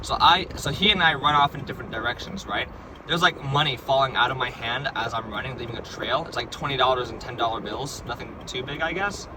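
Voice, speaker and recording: A man's voice: medium pitch, a little fast, noisy background. A young man casually recounting a strange dream, rambling with stumbling restarts and lots of "right?" and "like". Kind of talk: casual storytelling.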